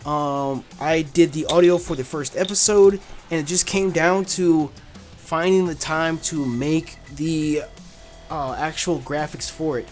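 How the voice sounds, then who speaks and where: A man hosting a casual gaming channel, answering viewer questions in a laid-back, blunt way with lots of fillers. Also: on the high side. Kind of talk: casual Q&A chat.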